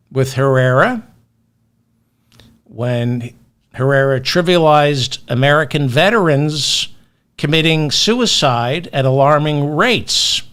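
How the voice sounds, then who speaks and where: A man hosting a solo news commentary show, talking in a sardonic, indignant way with long pauses between phrases. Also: medium pitch, a bit bright. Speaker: political commentary host.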